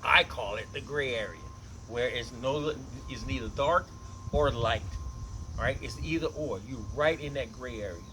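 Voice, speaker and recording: A man teaching bass guitar, talking loosely and repeating phrases as he demonstrates tones, with bass notes played between his lines. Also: moderate pace, background noise. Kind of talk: casual instrument demonstration. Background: bass guitar playing between lines.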